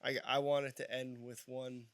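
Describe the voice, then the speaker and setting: A man's voice: mid-range voice, flat delivery, unhurried, a bit bright, no room sound. A man co-hosting a casual film podcast, mostly giving short, easygoing replies and questions. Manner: laid-back, brief agreeing replies. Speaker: podcast co-host.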